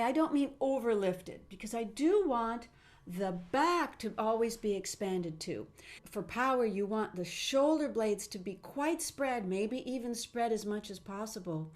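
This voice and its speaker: Woman, middle-aged, voice teacher running a webinar. Animated delivery with frequent demos. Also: medium pitch. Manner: animated, demonstrates sounds with her own voice.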